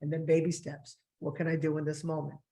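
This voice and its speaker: A guest author in her forties from New Jersey talks in a casual interview with a deep voice. She's animated, laughing and tossing in quick asides.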